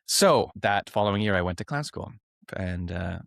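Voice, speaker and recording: Deep gravelly man telling a story. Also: expressive, moderate pace, a bit bright, dry recording, studio quality. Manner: rambling, laughs often, many fillers and restarts. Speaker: professional clown and teacher, guest. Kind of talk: casual storytelling interview.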